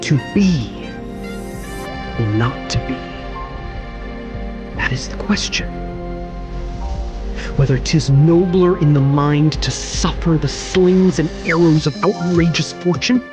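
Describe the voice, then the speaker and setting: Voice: mid-range voice, slow, long pauses, over music, close to an everyday voice. A text-to-speech voice playing a troubled philosopher debating himself in a hesitant, inward way. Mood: conflicted. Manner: hesitant, inward, shifting delivery. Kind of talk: synthetic text-to-speech demo reading.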